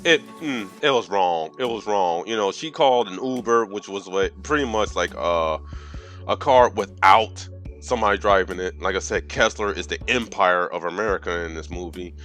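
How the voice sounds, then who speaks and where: A man recapping a film for laughs in a profane, slangy way, jumping into quick voices for the characters. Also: sits low, fairly bright tone, faint music behind. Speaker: movie recapper. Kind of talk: comedic movie recap.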